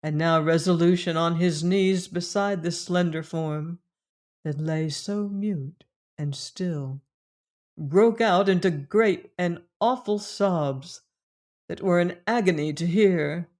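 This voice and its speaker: A man narrating a classic novel in a measured, solemn reading voice. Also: sits high, darkish tone. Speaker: audiobook narrator.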